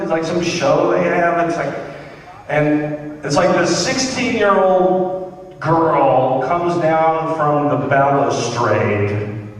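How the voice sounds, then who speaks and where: Slow, halting man in an echoey hall. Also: a little high. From American South. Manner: halting, rambling, many fillers, deadpan dark jokes. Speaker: stand-up comic. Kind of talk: open-mic stand-up. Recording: echoey hall, mic far off, faint noise.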